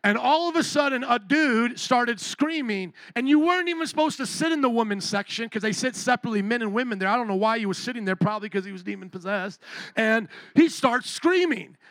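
A male pastor preaching a sermon, telling a story with lively energy and questions to the congregation. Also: very high-pitched, brisk, no echo. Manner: animated storytelling, talks to the congregation. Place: church.

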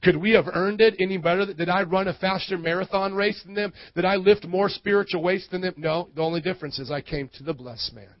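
A male pastor giving a sermon, talking conversationally and building up to loud preaching. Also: high-pitched, brisk, few pauses, no room sound, lo-fi sound.

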